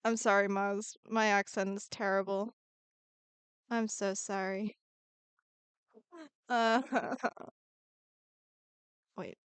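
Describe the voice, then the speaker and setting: A woman's voice: medium pitch, level tone, very slow, pauses often, clean tone, dry recording. Bubbly woman chatting while she draws. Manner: bubbly, chatty, reads and answers chat, mutters while drawing. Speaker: art streamer. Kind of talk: casual live-stream chat while drawing.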